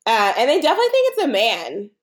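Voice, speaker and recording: Her voice sits a little high and swings wildly in pitch, and she talks fast. She's a podcast co-host giving a loose, rambling film recap, laughing a lot and leaning heavily on "like."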